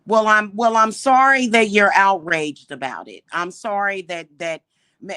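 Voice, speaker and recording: A woman livestream host talks straight to her viewers in an indignant, exasperated rant. She lays out her points slowly and emphatically, often repeating them and firing off rhetorical questions. Her voice is bright and forceful, and it sounds close and dry with no room echo. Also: mid-range voice, clear, resonant tone.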